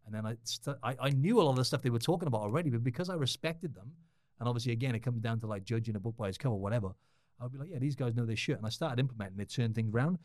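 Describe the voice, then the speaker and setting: A man's voice: medium pitch, expressive, racing, a little mellow, dry recording. A man hosting a podcast, chatty and matey, telling stories to his guest. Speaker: podcast host. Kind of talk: casual podcast conversation.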